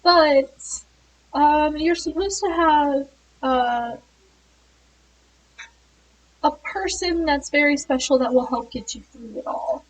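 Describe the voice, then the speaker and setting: A woman voicing a kind, patient female witch teacher who gently explains things. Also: sits high, slow pace, long pauses, low-quality recording. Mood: explaining.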